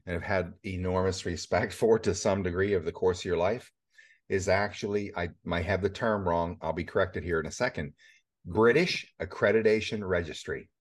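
A middle-aged man hosting a conversational interview, talking in animated bursts that rise to emphatic peaks. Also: sits low, normal speed. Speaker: host.

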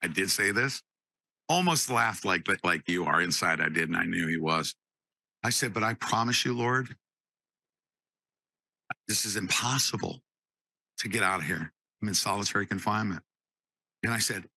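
A man giving an emotional personal testimony, halting and repeating words, at times choked up. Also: fairly low pitch, animated, bright, forceful tone, no room sound.

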